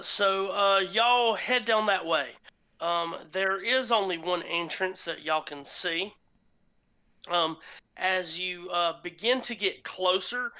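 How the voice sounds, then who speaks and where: A man with a drawl narrates a tabletop game at a very slow, halting pace. His voice is bright and a bit high. He pauses often on ums and uhs. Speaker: game master.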